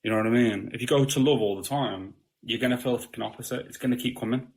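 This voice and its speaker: A man talks in a casual spiritual conversation, blunt and full of swearing. His pitch sits in an ordinary middle range. He keeps checking in with the listener. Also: fast talker, gravelly, darkish tone. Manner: blunt, swears freely, repeats "you know what I mean". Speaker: podcast guest.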